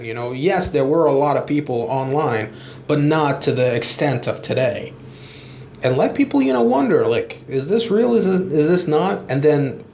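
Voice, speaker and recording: A man casually pitching his own version of a wrestling storyline, rambling and leaning heavily on "you know" fillers. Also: a little mellow, echoey room, a little hiss or hum. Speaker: wrestling fan vlogger. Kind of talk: casual chat.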